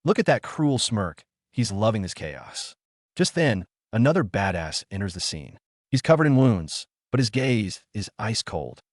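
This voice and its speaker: A man's voice: lowish voice, sing-song, measured pace, no echo. A man narrating a dramatic story recap in a hyped storyteller's manner, with casual asides to the listener.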